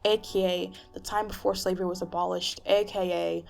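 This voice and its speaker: A woman rants to camera in a casual vlog, exasperated and restarting her sentences often. Her voice has a gravelly fry. Soft music plays faintly underneath. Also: fairly low pitch, level tone, brisk. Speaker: vlogger.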